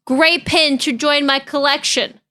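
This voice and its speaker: A woman's voice: high-pitched, fairly even intonation, a little slow, bright, forceful tone. A young woman streaming live, chatting casually in a bubbly, giggly, easily distracted way.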